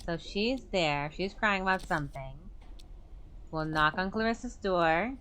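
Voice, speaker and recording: A woman talking through a game playthrough, planning moves out loud in a plain way. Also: lowish voice, animated, unhurried, smooth. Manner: thinking aloud, plainly spoken. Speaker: gamer.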